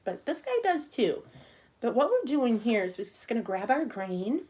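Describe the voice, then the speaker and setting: A woman's voice: on the high side, big pitch swings, normal speed. A middle-aged woman teaching an online cupcake decorating class, chatting casually and talking to herself as she works. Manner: chatty, talks to herself while working, soft murmurs.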